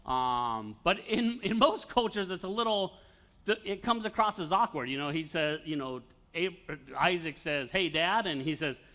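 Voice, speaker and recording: A man's voice: a little high, animated, moderate pace, bright, forceful tone. A man teaching an informal Bible study, talking conversationally with fillers and light laughs.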